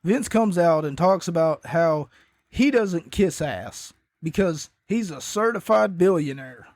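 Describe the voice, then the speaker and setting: This podcast host, a man with a somewhat high, expressive voice and a darkish tone, recaps wrestling at a measured pace in a loose, rambling way. He keeps correcting himself and coughs between points. The audio is close and dry, with no room sound.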